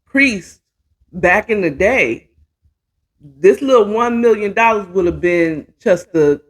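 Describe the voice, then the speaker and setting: A woman's voice: mid-range voice, lively intonation, slow. A woman hosting a casual commentary chat from home, opinionated and rambling, with restarts and asides. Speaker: host. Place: home, at a computer.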